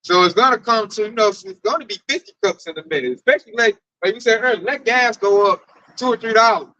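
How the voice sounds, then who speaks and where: A man telling animated work stories in a casual chat, acting out his coworkers. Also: very high voice, quick pace, no echo, dull audio. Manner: animated, acts out coworkers' voices. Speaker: speaker at a group discussion.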